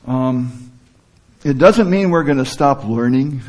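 Guy giving a laid-back sermon, normal pitch, talks it through like a chat. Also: normal speed, a little mellow. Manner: conversational, quotes scripture, rephrases mid-sentence. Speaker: preacher. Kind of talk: informal sermon.

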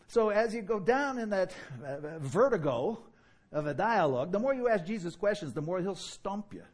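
A man with a New York accent delivers a sermon in a lively, quick way. His voice is husky and sits a little high for a man, and his pitch swings widely as he acts out exchanges. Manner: animated and fast-talking, with laughter and mock dialogue. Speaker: preacher.

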